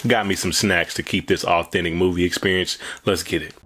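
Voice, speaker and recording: Chill guy reacting to an old movie, slangy, laughs a lot, lowish voice. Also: fairly even intonation, a little fast, a bit bright, husky. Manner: casual, slangy, laughs often. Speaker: host.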